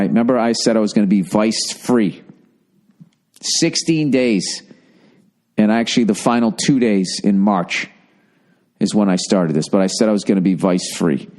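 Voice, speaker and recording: A man's voice: fairly low pitch, darkish tone. A man, hosting a podcast in a casual, profane, self-mocking rambling monologue. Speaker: podcast host.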